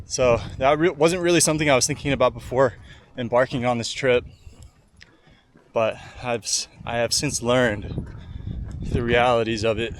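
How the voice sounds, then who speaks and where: A man's voice: medium pitch, fairly even intonation, normal speed, pauses often. A man talking casually in an upbeat, reflective way while on a long walk outdoors. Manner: earnest, upbeat and reflective, with small laughs. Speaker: long-distance walker vlogging his journey. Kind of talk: casual vlog monologue. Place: outdoors by a roadside. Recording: outdoor recording with loud wind noise.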